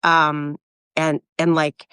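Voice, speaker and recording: A woman's voice: deep voice, little pitch movement, takes it slowly, a bit bright, smooth, no echo, studio quality. A woman in her forties in casual, reflective chat, rambling with many fillers and restarts. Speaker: co-host of a live video chat.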